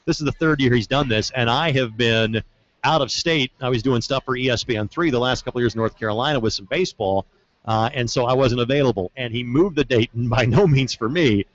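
A man's voice: mid-range voice, a little fast, no echo. A man from Indiana, a soccer broadcaster, chatting casually on a podcast and acting out quotes as he tells stories. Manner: relaxed storyteller, acts out quotes. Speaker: soccer play-by-play broadcaster, guest. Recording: dull lo-fi podcast audio.

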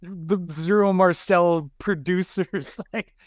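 Male host, high voice, slow easy talk, dry sound, laughs along. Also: no room sound. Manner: reacts with laughter and short agreement. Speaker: podcast host. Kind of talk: casual chat.

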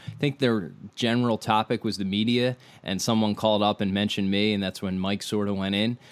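A man, hosting a podcast and retelling a story in a rambling, animated way with quoted dialogue. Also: lowish voice, clean tone. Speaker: podcast host. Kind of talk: casual podcast chat, storytelling.

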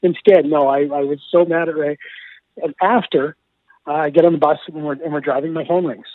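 A man, a hockey broadcaster, telling stories in an animated way, laughing often and repeating himself as he goes. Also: a little high, a little fast. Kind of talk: animated storytelling. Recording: tinny phone-like line, dry.

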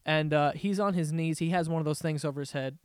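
A man's voice: on the high side, quick pace, clean tone, no echo, studio quality. Profane ranting young man. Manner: profane, exasperated, jokey storytelling. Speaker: podcast host. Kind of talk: casual ranting monologue.

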